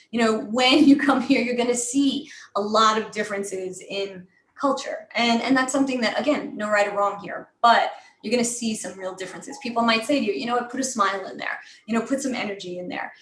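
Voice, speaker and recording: Woman, presentation coach, energetic, higher pitch, roomy echo. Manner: energetic, coaching, demonstrates examples with lively voice shifts. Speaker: program director teaching presentation skills. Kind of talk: live online class. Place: room in New York.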